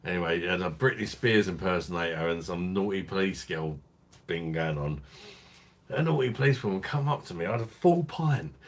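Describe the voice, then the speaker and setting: A man's voice: sits low, lively intonation, a little fast. A man hosting a beer review live stream, chatting casually in a crude, rambling way and laughing often.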